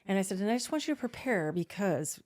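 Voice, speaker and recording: A woman's voice: medium pitch, quick pace. A middle-aged woman co-hosting a podcast, telling a family story in casual chat and acting out the quoted voices. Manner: animated, acts out quoted dialogue, swears casually. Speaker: podcast co-host.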